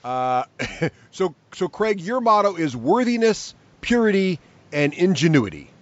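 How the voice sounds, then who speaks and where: A man's voice: high voice, big pitch swings, unhurried, no room sound, dull audio. A man hosting a podcast and running an improv role-play game, enthusiastic and laughing as he thinks aloud. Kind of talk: casual podcast chat.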